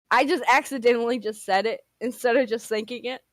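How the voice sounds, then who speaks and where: A woman with an East Tennessee accent chats loosely on a livestream, giggling and restarting her sentences. Her voice sits a little high. The sound is dry and close. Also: fairly even intonation, normal speed, no room sound. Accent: East Tennessee Southern. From near Washington DC, raised in Tennessee. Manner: giggly, rambling, with many fillers and restarts. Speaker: livestream guest. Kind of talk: casual livestream chat.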